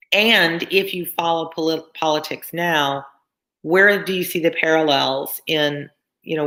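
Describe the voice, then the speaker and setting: Low-voiced woman teacher, talking loosely. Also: a bit bright. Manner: loose, conversational, with restarts and fillers. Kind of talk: casual lesson talk.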